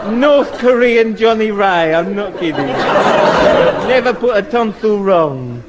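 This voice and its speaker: A pushy, fast-talking showbiz huckster, cajoling and boasting in a fairly high voice. His rapid patter sits under loud hiss from an old 1950s radio broadcast recording. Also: animated. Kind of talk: 1950s radio comedy acting.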